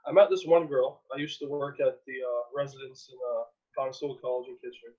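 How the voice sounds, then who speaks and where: A man's voice: mid-range voice, fast, breathy edge. Young man, casual story, dull lo-fi sound. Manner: animated, laughs often, acts out the people in his story. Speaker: guest telling a story.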